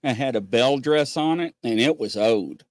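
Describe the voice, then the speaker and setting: A man co-hosting a casual livestream, chatting with viewers in an animated way and often laughing as he acts out conversations. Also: moderate pace, no room sound. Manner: animated, laughing, acts out quoted exchanges in a higher voice. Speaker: livestream co-host.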